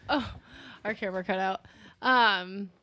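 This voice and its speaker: A woman's voice: medium pitch, measured pace, bright, forceful tone. A woman co-hosting a podcast, bluntly recapping a movie with frequent swearing. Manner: blunt, profane, talkative. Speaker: podcast co-host. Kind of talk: casual movie recap chat.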